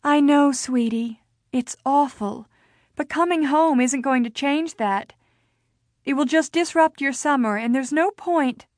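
Woman doing a therapist mother, measured, soothing, lifted higher, slow and gentle, dry close sound. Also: no room sound. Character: mother, a calm professional therapist.

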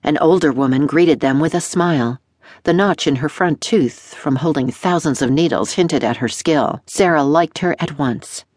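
A woman narrating a historical romance audiobook in an expressive, melodic storytelling manner. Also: low voice, normal speed, no echo, studio quality. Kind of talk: scripted narration.

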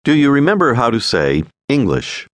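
A man narrating a scripted audio language lesson, giving prompts in a clear, measured way. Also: mid-range voice, wildly swooping pitch, no room sound. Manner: clear, measured instructional delivery.

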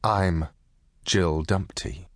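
A man reading an audiobook and voicing a cool, determined woman client, husky and lowered. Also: very slow, no room sound, studio quality. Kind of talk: audiobook character voice.

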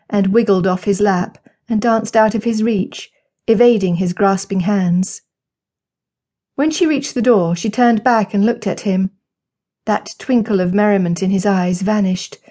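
A woman narrating a romantic historical audiobook in measured, gentle scripted narration. Her voice is warm and mellow, sitting at an ordinary middle pitch.

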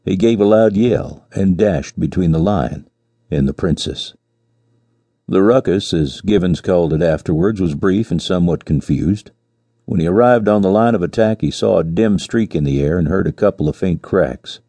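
Deep, dark-toned male narrator for a classic story, husky and measured. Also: no echo. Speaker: audiobook narrator. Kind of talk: scripted narration.

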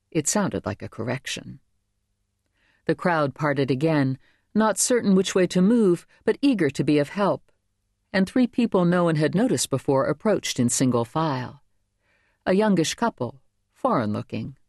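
A woman narrates a contemporary novel in a lively, rising-and-falling voice. She reads with a close mic in a dry, dead studio, shifting her pitch for the characters' lines. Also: no echo. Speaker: audiobook narrator. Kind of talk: scripted narration.

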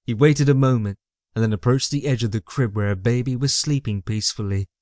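A man reading a fantasy novel aloud as the audiobook narrator, in a measured storytelling way. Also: medium pitch, a little mellow, no room sound. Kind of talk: scripted narration. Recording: dry close mic.

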